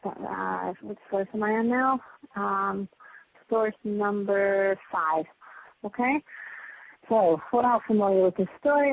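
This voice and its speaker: Woman, fairly high voice, casual Torah class, animated, phone-line sound, faint hiss. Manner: animated, chatty, self-deprecating asides. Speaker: Torah teacher.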